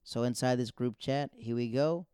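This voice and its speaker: Mellow-voiced male comedian telling stories. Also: mid-range voice, moderate pace, clear, resonant tone, dry recording, clean studio sound. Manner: animated, acts out quoted dialogue. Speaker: stand-up comedian. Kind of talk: casual storytelling.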